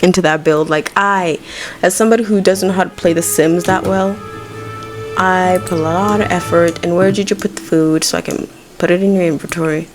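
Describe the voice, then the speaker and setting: A woman's voice: fairly low pitch, fairly even intonation, fairly quick, soft background music. A woman giving casual, rambling let's-play commentary as she plays, swearing freely and talking to her game characters. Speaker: gaming video creator.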